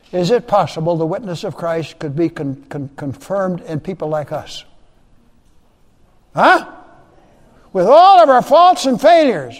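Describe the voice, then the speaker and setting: A man delivers an emphatic sermon, repeating key phrases and swinging between hushed and loud. His voice sits high for a man. The sound rings with the long reverb of a large sanctuary. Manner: emphatic preaching, repeats phrases, rising and dropping loudness. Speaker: pastor.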